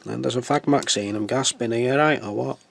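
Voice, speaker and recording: An English man putting on a blunt, broad Mancunian voice as a gruff local after a cigarette. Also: medium pitch, a little fast, a bit bright. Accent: Mancunian, put on. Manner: broad, blunt northern put-on voice.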